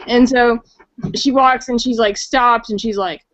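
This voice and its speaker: Woman guest, higher than average, casual and profane, lo-fi dry call audio. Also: steady tone, a little slow, a bit bright. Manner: chatty, swearing, lots of filler 'like'. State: tipsy. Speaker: guest on a call-in chat show. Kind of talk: casual storytelling.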